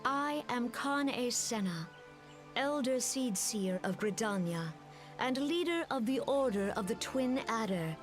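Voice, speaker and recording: A woman voicing a stately elder leader in a game, speaking in a measured, formal and ceremonial manner. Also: a little high.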